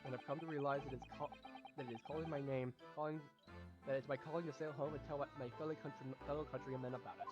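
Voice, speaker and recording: A man's voice: mid-range voice, steady tone, fast talker, muffled recording, over music, close to an everyday voice. A man playing an anxious, gloomy young male scholar in a game read-through, with a fretful, stammering, melodramatic manner. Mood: earnest.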